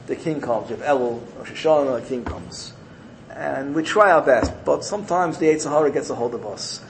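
A man giving a sermon through animated storytelling, repeating key phrases for emphasis. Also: medium pitch, a little hiss or hum, poor audio. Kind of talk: sermon built on told parables.

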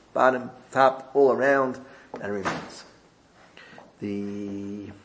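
A man's voice: medium pitch, noisy background. A man teaching a Torah class, earnest and repeating phrases for emphasis, mixing in Hebrew and Yiddish terms. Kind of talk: Talmud class.

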